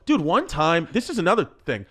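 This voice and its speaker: A comedian telling rowdy family stories on a podcast, animated and swearing. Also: male voice, a little high, fairly quick, faint music behind. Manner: animated, swearing, breaks into laughter. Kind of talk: storytelling on a podcast.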